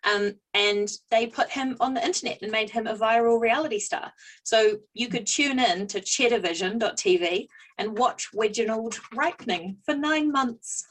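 A woman's voice: a little high, normal speed, a bit bright, low-quality recording. Playful giggly woman telling a story. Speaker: podcast co-host. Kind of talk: casual chat.

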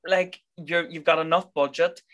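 A man co-hosting a casual film review chat, expressive and sassy with playful swearing. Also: fairly high pitch, moderate pace. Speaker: podcast co-host.

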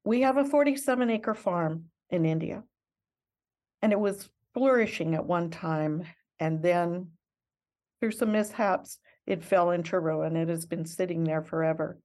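A woman's voice: on the low side, a little slow, darkish tone. An older woman, a missionary guest in an interview, telling her story in an earnest, reflective and heartfelt way.

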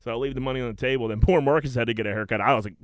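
A man's voice: mid-range voice, rapid-fire, dry recording. Casual man telling a rowdy story. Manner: animated anecdote teller, swearing, many fillers. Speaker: podcast co-host.

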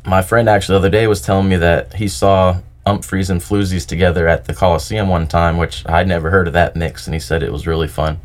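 A man's voice: low-pitched, steady tone, fast talker, few pauses. A young man, a guest on a podcast, chatting casually and easily, thinking aloud and hedging with "probably.". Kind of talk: casual chat.

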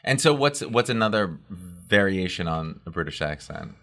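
A man's voice: low-pitched, sing-song, normal speed, a bit bright. A man in casual chat, curious and asking many questions.

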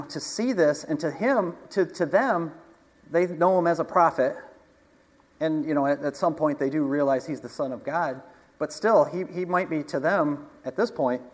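Chatty preacher in a reverberant hall. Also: male voice, a little high. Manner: conversational, asks the audience questions, chuckles often. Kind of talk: casual sermon.

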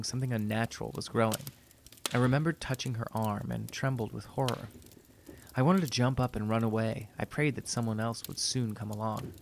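A man narrating a story in a steady, measured reading voice. His pitch sits in the middle of the range, and he takes his time over each sentence. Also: vocal fry, a little hiss or hum.

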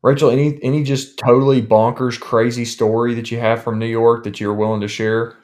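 A man, a physician hosting an interview, asking questions and thanking his guest in a friendly, relaxed way. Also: medium pitch, brisk. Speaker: physician podcast host.

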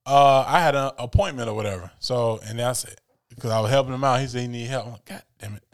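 On a casual sneaker podcast, a male co-host tells animated, slangy stories and laughs often. His voice is mid-range with vocal fry, and he talks at a quick pace.

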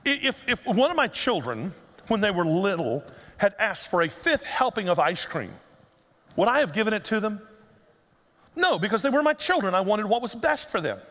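A man's voice: sits high, sing-song, normal speed, a bit bright, in a large hall. A middle-aged male pastor delivering a sermon in a conversational, humorous storytelling manner.

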